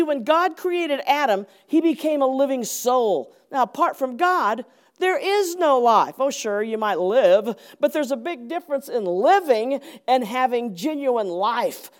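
High-voiced lady preacher, super expressive, slow and drawn out, dramatic sermon vibe. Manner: lively, playful preaching with dramatic readings.

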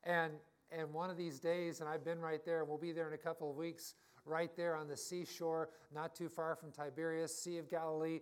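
A man's voice: fairly high pitch, level tone, normal speed, hardly any pauses, clean tone. A middle-aged man, a pastor, giving a conversational sermon and telling personal stories to his congregation. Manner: storytelling, personal anecdotes.

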